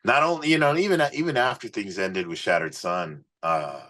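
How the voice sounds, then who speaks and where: Low-voiced, profane rock musician telling stories. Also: male voice, normal speed. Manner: profane, animated storyteller. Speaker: musician guest. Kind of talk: casual storytelling interview.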